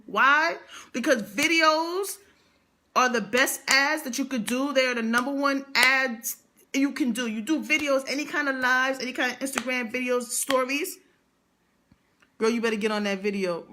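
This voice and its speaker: A young adult woman with a high, sharp-toned voice tells a motivational story. It's a vlog monologue full of emphatic repetition and slang.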